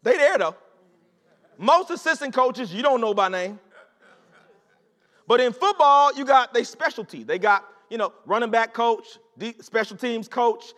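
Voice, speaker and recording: A man preaching a sermon to his congregation in an animated, conversational way, repeating phrases and calling out to the listeners. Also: extremely high pitch, unhurried. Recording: long reverb of a large hall.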